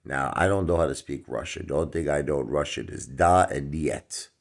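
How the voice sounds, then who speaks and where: Gravelly, very deep-voiced man telling a story. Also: brisk. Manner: rambling, full of fillers, acts out the quotes. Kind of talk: comic anecdote.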